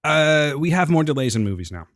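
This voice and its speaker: A man co-hosting a podcast in casual, joking chat with quick asides. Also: fairly high pitch, sing-song, a bit bright, no room sound, clean studio sound. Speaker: podcast co-host.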